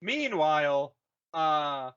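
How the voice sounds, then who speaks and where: High, bright rambling man recapping. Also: very animated, smooth, muffled recording. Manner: rambling, jokey, puts on quick silly voices. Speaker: podcast host retelling a movie. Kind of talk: casual comedic recap.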